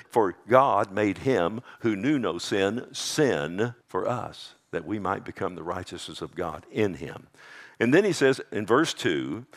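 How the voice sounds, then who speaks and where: A man with a Texas accent preaching a sermon, talking casually to the congregation and asking them for amens. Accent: Texan. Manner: conversational, calls out to congregation for amens; slows and drops low on scripture lines.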